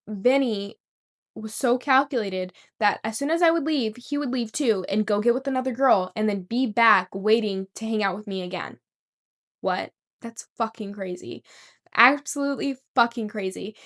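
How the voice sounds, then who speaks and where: A woman's voice: a little high, normal speed, a bit bright. Young woman telling a rambling story. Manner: rambling, swears casually. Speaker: vlogger. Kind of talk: storytime vlog.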